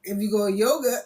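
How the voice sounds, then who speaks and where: A woman reading spiritual messages on a live stream, loud and playful, laughing often as she teases her viewers. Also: on the high side, a little hiss or hum. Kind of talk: casual live-stream chat.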